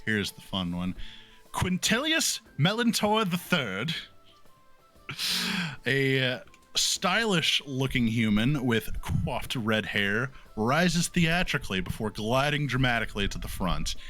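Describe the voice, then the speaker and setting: A man narrating as game master of a tabletop game, playful and animated. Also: medium pitch, measured pace, faint music behind.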